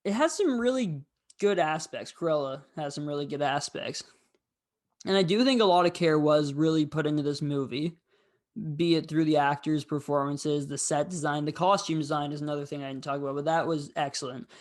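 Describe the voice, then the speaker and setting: A man's voice: fairly high pitch, a little fast. A man hosting a casual film review, talking in a rambling, candid way with frequent fillers.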